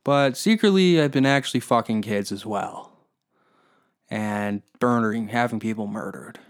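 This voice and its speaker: A man's voice: normal speed, smooth, close to an everyday voice. A man putting on a mocking impression of a boastful, scheming female politician. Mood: gloating. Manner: mocking high-pitched impression, crude.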